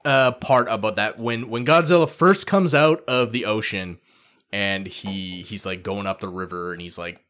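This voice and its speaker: A man's voice: fairly low pitch, moderate pace, fairly bright tone. A man co-hosting a podcast, chatting casually and mockingly about a film, with plenty of swearing. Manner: laid-back, profane, mocking. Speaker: podcast co-host. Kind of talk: casual film review chat.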